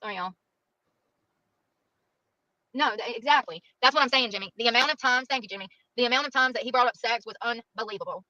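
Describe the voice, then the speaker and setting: A woman's voice: fairly high pitch, quick pace, long pauses, sharp tone, no room sound. A middle-aged woman ranting to camera in a played clip, aggrieved and self-pitying. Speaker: clip subject. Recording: dull lo-fi clip.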